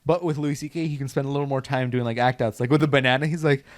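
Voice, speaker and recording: A man's voice: mid-range voice, steady tone, rapid-fire, dry recording. Laid-back joking man, dry sound. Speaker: podcast host. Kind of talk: casual chat.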